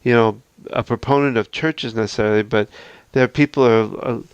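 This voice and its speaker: Male podcast host, mid-pitched, reflective and earnest, unscripted, smooth voice. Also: fairly even intonation, brisk, no room sound, muffled recording. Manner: earnest, reflective, talks through a numbered list.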